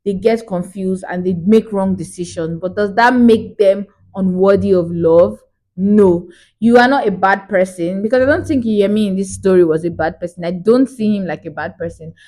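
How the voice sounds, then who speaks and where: A woman talks straight to camera, retelling a film plot in a casual review vlog. Her delivery is chatty and animated, full of storytelling energy. Her pitch sits in the middle of the usual range for a woman. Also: moderate pace. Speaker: movie reviewer.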